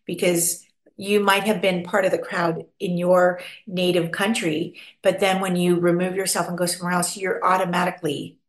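A woman's voice: lowish voice, moderate pace. An American woman from Pennsylvania, a guest chatting expressively in a casual interview. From Pennsylvania, USA. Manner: expressive, chatty, acts out little quoted voices. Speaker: podcast guest. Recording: roomy echo.

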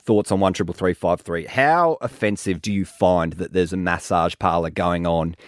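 A man's voice: deep voice, moderate pace, no room sound. A man with an Australian accent hosting a radio show, telling a story animatedly and acting out the other people in it. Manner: animated storytelling with acted quotes. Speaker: radio host. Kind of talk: casual radio chat. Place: radio studio.

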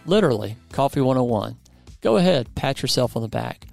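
A man's voice: medium pitch, big pitch swings, fairly quick, gravelly, darkish tone, soft background music. A man hosting a podcast in a studio, upbeat and playfully teasing his co-host in casual chat.

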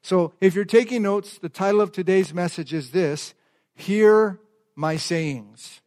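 A man preaching a sermon as pastor, calling on the congregation to repeat phrases and drawing out key words slowly for emphasis. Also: high voice, a little mellow. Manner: call-and-response, asks the congregation to repeat phrases. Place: church service before a congregation.

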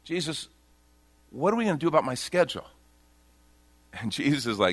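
With a slightly high male voice, a pastor gives a conversational sermon and pokes fun at himself. His delivery swings from quiet and slow to loud and excited, with no room sound on the recording.

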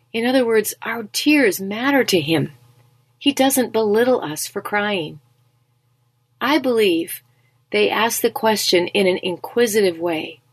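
A woman reading a scripted Bible devotional in a gentle, encouraging, measured way. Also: medium pitch, husky, dry recording. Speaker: devotional speaker.

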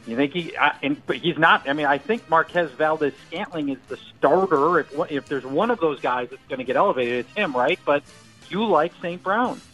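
A man's voice: on the high side, moderate pace, fairly bright tone, soft background music, low-quality recording. A man talking as a fantasy football analyst on a sports radio show, joking and thinking aloud with restarts. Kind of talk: casual sports radio chat.

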